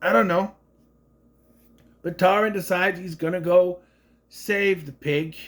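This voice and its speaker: A man in his thirties giving a rambling, sarcastic review of an animated film in a casual monologue. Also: high voice, slow. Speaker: movie reviewer.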